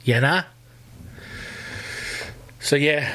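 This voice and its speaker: A Scottish man hosting a solo comedy podcast, ranting loudly and swearing, with sudden screamed bursts. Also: on the high side, sing-song, moderate pace, long pauses. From Scotland. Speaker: podcast host.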